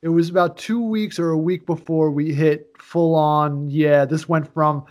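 A man co-hosting a casual podcast, talking in an animated, rambling way and swearing often. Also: on the high side, unhurried. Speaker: podcast co-host. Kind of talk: casual chat.

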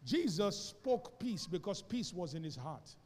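A man with a Nigerian English accent preaching a sermon as pastor, moving between quiet asides and loud shouted lines and calling for responses from the congregation. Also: high voice, very animated, unhurried, long reverb tail. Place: church hall.

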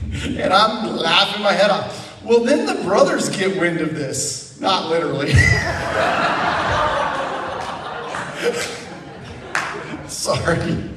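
A man's voice: high-pitched, measured pace, slight background noise. Laughing man telling a story, echoey hall. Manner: animated, laughs through the story. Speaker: guest speaker at church. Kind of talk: storytelling testimony. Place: church sanctuary. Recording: echoey church hall from a distance.

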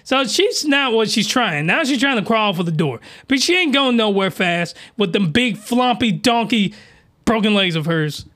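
A man hosting a podcast, giving crude, animated reaction commentary that often rises into excited yelling. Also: high voice, normal speed. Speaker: podcast host.

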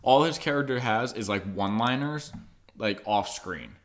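A man's voice: lowish voice, animated, moderate pace. A young man co-hosting a podcast in casual chat, rambling and swearing, full of likes and ums. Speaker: podcast co-host.

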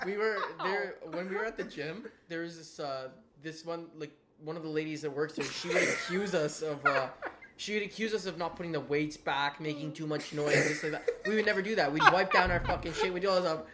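A man's voice: on the high side, a little fast, very noisy. A young man telling a rambling, teasing story to his friends in casual chat. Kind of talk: casual banter among friends.

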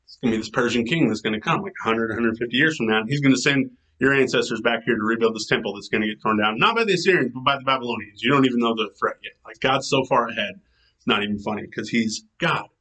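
A man giving a casual, chatty devotional talk as a pastor, enthusiastic and animated, acting out quotes as he goes. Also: mid-range voice, fast, rough recording. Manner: chatty, enthusiastic, self-described nerd; animated quoting in character voices.

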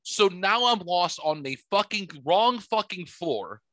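A man hosts a podcast from his studio, telling animated, profane stories and acting out every voice in them. His voice is bright and sits a little high. The sound is close and dry. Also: measured pace, no room sound. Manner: animated, swearing, acts out quotes. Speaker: podcast host. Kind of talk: casual storytelling chat.

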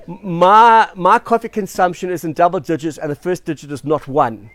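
Chatty, fairly high-voiced male pastor. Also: steady tone, moderate pace, few pauses, a bit bright. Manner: chatty storytelling with self-deprecating asides. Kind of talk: sermon.

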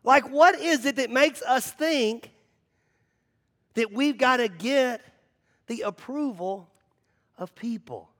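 A man's voice: very high-pitched, slow pace, pauses often. A man preaching a conversational sermon as the pastor, telling stories animatedly and often repeating words as he goes. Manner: animated storytelling, repeats words, acts out voices.

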